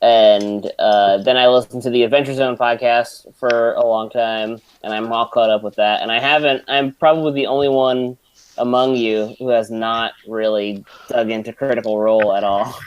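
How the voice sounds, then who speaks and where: A man's voice: mid-range voice, steady tone, normal speed, clean tone, dull audio. A man chatting in a rambling, hesitant way as a new player on a video call. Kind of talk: casual chat over video call.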